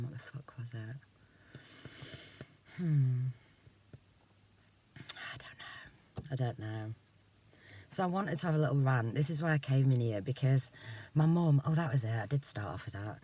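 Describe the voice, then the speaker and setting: A man talks on his own in a loose, rambling monologue. He swears freely and speaks with open candour. He often wanders off topic and drops into low, murmured asides. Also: animated, brisk. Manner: drifts between topics, trails off into quiet asides. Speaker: vlogger. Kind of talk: casual personal monologue.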